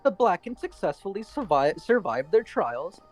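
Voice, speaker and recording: A woman's voice: fairly low pitch, very animated, normal speed, soft background music. A woman running a social deduction game as game master, announcing votes and reveals with a showy, playful delivery. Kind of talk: theatrical game hosting.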